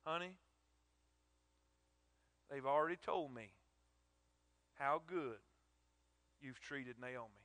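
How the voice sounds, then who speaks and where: A preacher voicing a gentle kindly landowner. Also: male voice, high-pitched, expressive, unhurried, few pauses, no room sound, full character voice. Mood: tender. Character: kindly older male landowner speaking gently.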